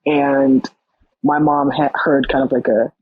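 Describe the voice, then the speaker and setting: As a woman animated young guest telling her story. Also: extremely low pitch, measured pace, vocal fry, slightly rough, dry recording, narrow, tinny audio. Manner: animated, frequent fillers and quoted dialogue. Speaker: podcast guest. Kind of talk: casual storytelling conversation.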